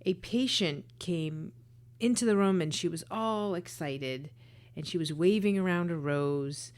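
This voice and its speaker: A woman telling a personal story in a casual, earnest way, sometimes dropping to a breathy whisper. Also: sits low, takes it slowly. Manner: emotional, earnest, drops to a breathy whisper at times. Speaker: storyteller sharing a personal experience.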